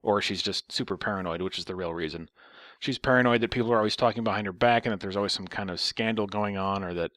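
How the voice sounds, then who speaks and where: A young man with a lowish voice rambles through a story, sarcastic and swearing freely. The recording is dry and close, with no room sound. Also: a bit bright, no room sound. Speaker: storyteller vlogger. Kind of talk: casual storytelling.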